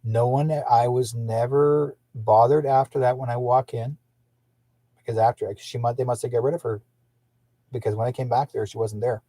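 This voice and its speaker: A man's voice: medium pitch, steady tone, moderate pace, dark tone, no echo. A man hosting his own radio show, telling a story in a rambling casual way, with restarts and acted-out quotes. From British Columbia, Canada. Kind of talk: casual call-in radio monologue.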